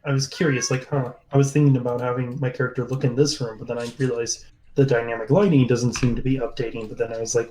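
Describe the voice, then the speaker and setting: Mid-pitched male player, explaining rules with restarts. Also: little pitch movement, fast, mellow, rough recording. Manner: hesitant, restarting sentences while explaining. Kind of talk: tabletop game chat, explaining rules.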